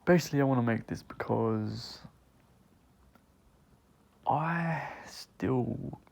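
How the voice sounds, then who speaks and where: A man crying as he talks through an apology, halting and choked, with long pauses, sighs and breathy half-whispered words. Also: mid-range voice. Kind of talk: tearful personal apology monologue.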